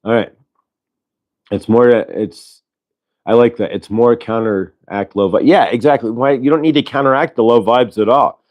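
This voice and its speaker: A man hosting a show, talking listeners through a breathing exercise in a relaxed, rambling way, with lots of fillers and audible sighs. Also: mid-range voice, normal speed, lo-fi sound. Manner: sighs audibly between instructions. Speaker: host leading a breathing exercise. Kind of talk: casual spoken guidance.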